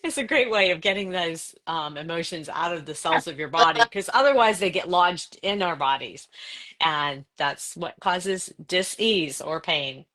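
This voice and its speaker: Calm, slow-spoken woman author. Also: on the low side. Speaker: author and guest. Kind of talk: reflective wellness talk. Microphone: video call.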